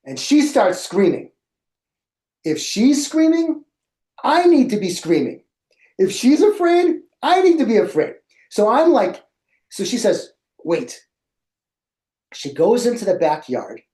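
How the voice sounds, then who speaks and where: A middle-aged man tells a lively story to a room of educators, acting out his own reactions. His voice is mellow and warm, and his pitch rises and falls a lot. The sound bounces around an echoey room. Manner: animated, acts out his own past reactions. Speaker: presenter for educators. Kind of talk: storytelling in a presentation.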